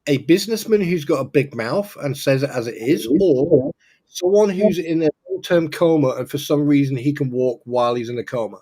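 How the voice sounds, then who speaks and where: Give me a joking British co-host with a husky voice, rambling over a video call. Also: male voice, a little high, fairly quick, mellow. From Britain. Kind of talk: casual online show chat.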